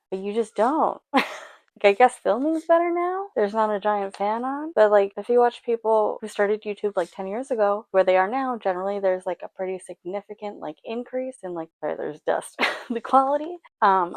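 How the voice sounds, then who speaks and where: A woman's voice: medium pitch, darkish tone, no room sound. A woman hosting a reaction video, talking casually with blunt, sarcastic remarks and frequent "like"s.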